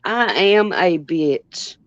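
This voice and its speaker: Slow, low-voiced woman, sarcastic. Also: animated, fairly bright tone, no echo, highs cut off. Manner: dry, sarcastic interjections. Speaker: livestream co-host. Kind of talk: casual livestream chat.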